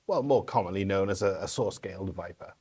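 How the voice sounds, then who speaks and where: A man's voice: sits low, a little fast, a little mellow, slightly rough. A man voicing a talking male viper with a British accent in a radio play, wry and teasing.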